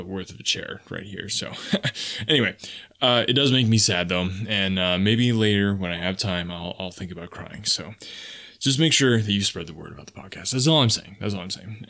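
A man's voice: on the low side, a bit bright. A young man hosting a comedy podcast, talking in a boastful, self-important way, with a rambling parody self-help monologue. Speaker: podcast host.

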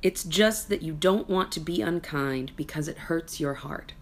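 A woman hosting a podcast, reading aloud from a self-help book in a gentle, soft-spoken way and adding casual side comments. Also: deep voice, unhurried. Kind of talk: reading aloud with personal asides.

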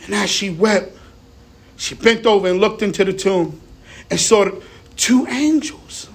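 High-voiced man preaching a sermon. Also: measured pace. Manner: lively, conversational, repeats words.

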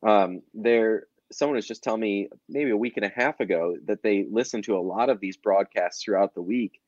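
A man speaks earnestly in a flowing podcast chat, his voice low. The audio is dull and lo-fi, with a dry sound and no room echo. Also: normal speed, darkish tone. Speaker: podcast co-host. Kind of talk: casual chat.

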